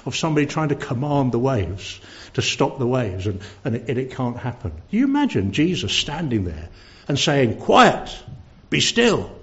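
A man's voice: mid-range voice, sing-song, moderate pace. A man preaching a sermon at a church service, earnest, stumbling over repeated words when stressed. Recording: dull lo-fi recording.

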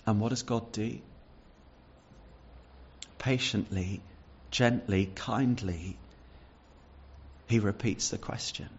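A man's voice: lowish voice, slow pace, long pauses, breathy edge. Earnest male preacher, muffled sound. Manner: earnest, reads Bible verses aloud and explains them; repeats words and restarts with fillers. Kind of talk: sermon.

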